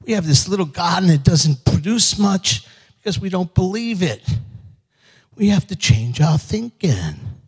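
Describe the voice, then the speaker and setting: A man's voice: high voice, a little slow, slightly rough, pitched above the performer's own voice, exaggerated voice. A man voicing an eager, wide-eyed boy who is amazed and pleading. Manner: excited, pleading.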